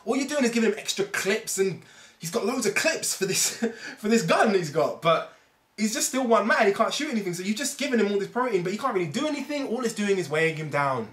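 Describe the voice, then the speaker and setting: A man's voice: high-pitched, very animated, quick pace, a bit bright. A man talking casually to camera as a fitness vlogger, rambling and fond of analogies. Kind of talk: casual explainer monologue. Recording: echoey room.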